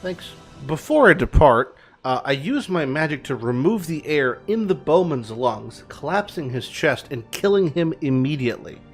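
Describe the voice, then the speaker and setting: A man's voice: fairly high pitch, big pitch swings, moderate pace, hardly any pauses, faint music behind. A man casually commenting while playing a text game, joking, swearing and reading the game's text aloud. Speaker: game streamer.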